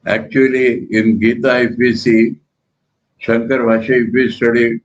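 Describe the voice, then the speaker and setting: An older man with an Indian accent, a monk giving a spiritual lecture in a measured, emphatic way that repeats key words. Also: medium pitch, level tone, dull audio.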